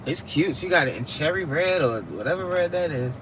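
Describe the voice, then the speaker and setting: A woman's voice: sits low, animated, a little fast. A woman from New York hosting a live stream from her car, chatting casually in slangy talk and laughing often. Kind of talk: casual chat while driving. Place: inside a car in snowy weather. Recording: loud car road noise. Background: vehicle engine and road noise.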